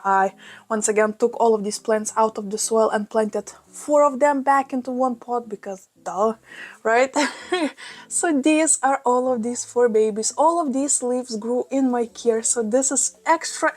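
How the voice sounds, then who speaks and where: A woman with a Russian accent vlogging about her plants at home, gushing and exclaiming often. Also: fairly high pitch. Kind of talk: casual vlog. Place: small room at home. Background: soft background music.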